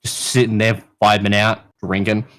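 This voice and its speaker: A man's voice: fairly low pitch, moderate pace. A young man in his twenties with an Australian accent, a podcast guest telling stories in casual chat, swearing freely and acting out the people in them. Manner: animated, swears a lot, acts out people in stories.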